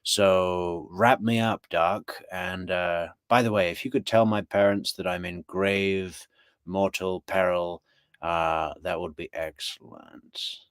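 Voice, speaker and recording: A man's voice: low-pitched, steady tone, slow, clear, resonant tone, no room sound, clean studio sound. A man doing a sarcastic impression of a whiny young man who is faking an injury. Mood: mocking.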